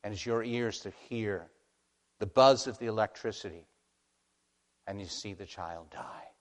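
A man preaching a sermon, moving between hushed, slow passages and loud, impassioned warnings. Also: on the low side. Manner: dramatic, swings from hushed to impassioned. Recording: long hall reverb.

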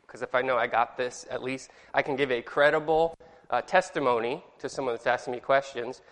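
A man's voice: medium pitch, steady tone, a little fast, fairly bright tone. A man leading an informal Bible study lesson, chatty and rambling, quizzing his class and correcting himself as he goes. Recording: reverberant hall with long echo.

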